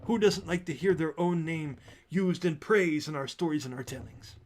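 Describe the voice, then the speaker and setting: A man's voice: fairly high pitch, moderate pace, close to an everyday voice. Man playing a showy troupe-leader father. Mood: rousing. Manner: persuasive and showy. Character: grand, theatrical male troupe-leader father.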